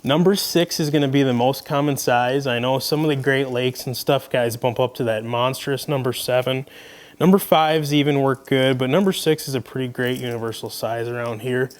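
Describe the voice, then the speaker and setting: A young man, casually explaining his fishing gear in a relaxed, folksy way. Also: medium pitch, moderate pace. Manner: relaxed, folksy, conversational with fillers. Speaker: fishing video host. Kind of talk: casual gear rundown to camera.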